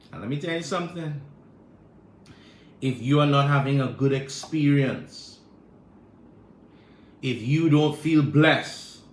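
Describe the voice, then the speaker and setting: A man's voice: fairly high pitch, fairly bright tone, slight background noise. A man preaching a sermon as pastor, building with repeated rhetorical questions and calling on the congregation to respond. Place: church sanctuary. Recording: echoey church room.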